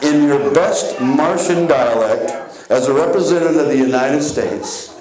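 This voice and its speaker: A man working as a stage hypnotist, guiding volunteers with slow suggestions and chuckling at their answers. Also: fairly high pitch, darkish tone, reverberant, poor audio. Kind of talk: comedy hypnosis stage patter. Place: theater stage before a live audience.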